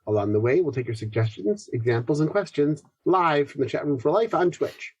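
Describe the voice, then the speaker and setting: A man with a slightly husky voice hosts a gaming podcast, talking quickly and easily. The sound is close and dry, with no room around it. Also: on the high side, animated, no echo. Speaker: podcast host. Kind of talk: casual chat.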